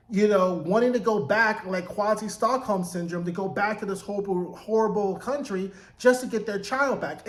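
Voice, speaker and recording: A man giving a chatty, animated recap of a TV episode, acting out the characters' lines. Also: high voice. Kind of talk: casual recap commentary. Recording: echoey room.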